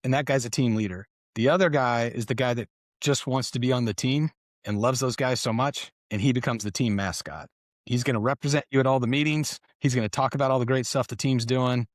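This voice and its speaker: A middle-aged man talks in a loose, anecdotal way, as if swapping stories with a friend. His voice sits in a middle pitch and is recorded close and dry, with no room sound around it. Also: brisk, dry recording. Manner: relaxed, anecdotal, swears casually. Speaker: guest, retired Special Forces colonel. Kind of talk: casual conversational storytelling. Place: podcast studio.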